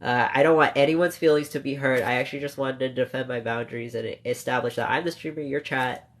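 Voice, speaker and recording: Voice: mid-range voice, steady tone. A streamer chats through a long story with live viewers, rambling and emotional. They break off to mock-scold the chat and then apologise. They swear freely and correct themselves as they go. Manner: swears freely, quick asides and self-corrections. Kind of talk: casual livestream storytelling.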